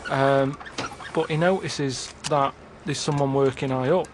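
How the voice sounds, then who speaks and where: A man telling a long, halting anecdote in a flat, deadpan way on a comedy podcast. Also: medium pitch, noisy background. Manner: halting, repetitive, unhurried.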